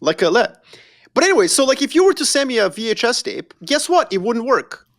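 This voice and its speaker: A very high, slightly fast voice belongs to a Yugoslavian man appearing as a podcast guest. In casual conversation he tells stories with animation and emphasis, at times talking straight to the listener.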